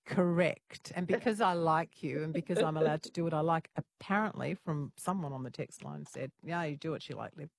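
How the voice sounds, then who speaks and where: A woman's voice: low voice, fairly quick, gravelly, few pauses. An Australian woman hosting a talkback radio quiz, playful, teasing and chatty with callers.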